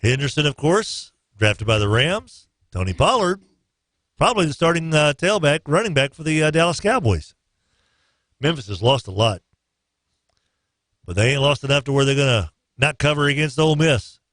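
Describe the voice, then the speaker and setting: A man's voice: fairly high pitch, sing-song, moderate pace, a bit bright, dry recording. A man hosting a morning sports radio show from a studio. He runs through his picks in a loose, joking way with a slightly raised voice. The sound is dry and close. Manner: loose, joking, sings snatches of songs.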